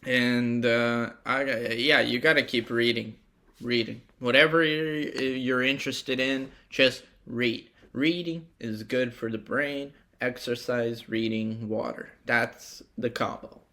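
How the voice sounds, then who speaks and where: Young guy doing a solo podcast, slow and gravelly, swears a lot, kinda rambly. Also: mid-range voice, steady tone, pushed and bright. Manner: rambling, profane, reflective. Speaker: podcast host. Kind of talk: casual solo monologue.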